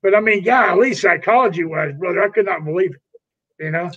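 Older male ex-wrestler, high-pitched, loose and profane storyteller; dull lo-fi recording. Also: brisk, fairly bright tone. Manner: rambling, profane, calls people brother. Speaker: retired pro wrestler, interview guest. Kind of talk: casual storytelling interview. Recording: dull lo-fi audio.

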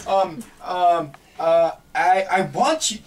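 A man playing a nervous low-budget film director who stammers and apologizes a lot in an amateur comedy skit. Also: slow pace, noisy background. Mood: scared. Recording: distant mic.

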